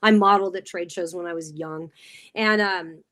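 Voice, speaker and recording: A woman's voice: fairly low pitch, moderate pace. A middle-aged woman, a podcast guest, telling stories casually with lots of fillers. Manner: animated storyteller, many fillers. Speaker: guest, sales specialist. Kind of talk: casual chat, storytelling.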